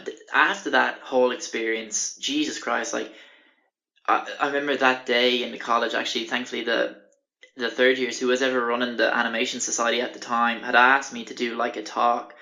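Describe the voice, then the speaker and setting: A man's voice: medium pitch, vocal fry, sharp tone. A young man in his twenties rambling through a sweary anecdote on his podcast, recorded in a small bathroom on a handheld music player. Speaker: podcast host. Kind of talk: casual anecdote.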